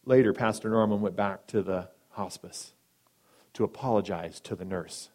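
A man preaching a sermon and telling a story, dramatic, swinging between loud emphatic lines and hushed soft ones, briefly acting out the people in it. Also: lowish voice, moderate pace. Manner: acts out quoted speakers in brief voices.

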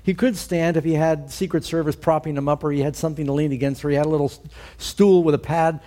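A middle-aged man giving a sermon, telling stories in a relaxed, conversational way with frequent fillers. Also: a little high, fast talker. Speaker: preacher.

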